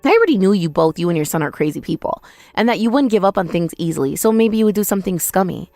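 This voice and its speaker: A woman's voice: lowish voice, expressive, fast talker, darkish tone, no echo, faint music behind. A young woman telling a first-person dramatized story in an indignant, accusing manner. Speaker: narrator and protagonist.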